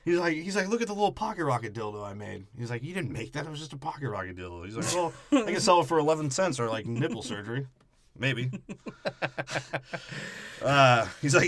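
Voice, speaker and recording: A man's voice: medium pitch, very animated, brisk, a crowd in the background. A man co-hosting a comedy movie podcast, riffing crudely and slipping into character voices. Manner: riffs with put-on character voices. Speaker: podcast co-host.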